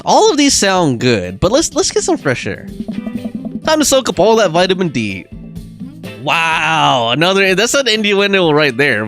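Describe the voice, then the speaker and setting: A man's voice: high voice, fairly bright tone. A young man casually commenting on a game during a live stream, laughing often and reading the game's text and viewers' chat aloud.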